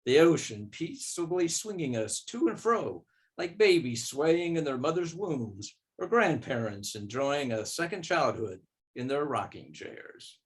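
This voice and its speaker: A man's voice: on the high side, expressive, measured pace. Man reading his own steamy prose. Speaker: author reading his book. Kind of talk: reading aloud at an online book event.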